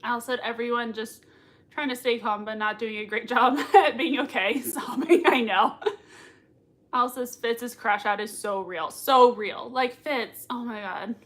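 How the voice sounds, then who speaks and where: A woman hosting a live reaction stream from home, her voice sharp, bright and pitched a little high. She gushes over what she watches and breaks into laughter often. She reads viewer comments aloud in a quick, excitable chat. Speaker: livestream reaction host.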